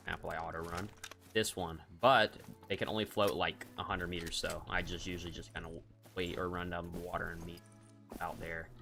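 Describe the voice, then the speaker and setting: A man's voice: sits low, creaky, sharp tone. A man streaming a hunting game, giving casual, rambling commentary and cracking jokes as he thinks aloud.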